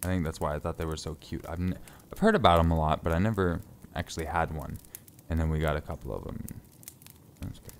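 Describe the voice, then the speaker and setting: A man's voice: very deep voice, quick pace, a little hiss or hum. A man chatting casually on a live stream from a home closet, laid-back and joking, swearing freely, a little stuffy from sinus trouble.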